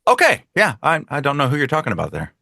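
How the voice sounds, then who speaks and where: A man's voice: on the high side, huge pitch swings, fast, creaky, pushed and bright, no room sound, studio quality. A man co-hosting a podcast, answering with short wry remarks. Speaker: podcast co-host. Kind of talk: casual chat, listener replies.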